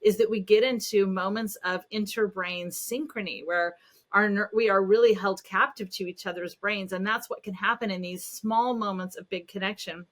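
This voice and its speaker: A middle-aged woman guesting on a podcast, her voice bright and forward. She tells family stories in a lively, self-deprecating way and pokes fun at herself. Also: mid-range voice, normal speed. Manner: animated storytelling, self-deprecating. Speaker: podcast guest, parenting expert. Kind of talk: casual podcast conversation.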